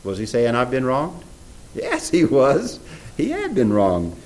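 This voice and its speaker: Preacher guy with a really lively up and down voice, reads bible verses and asks the room questions. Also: mid-range voice, measured pace, poor audio. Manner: animated, reads scripture aloud in old English, asks the audience questions. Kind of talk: sermon with Bible readings.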